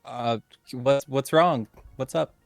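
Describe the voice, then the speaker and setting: A man's voice: mid-range voice, slow, vocal fry, no room sound, soft background music. A man playing a tabletop game, speaking in short, hesitant questions. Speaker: player.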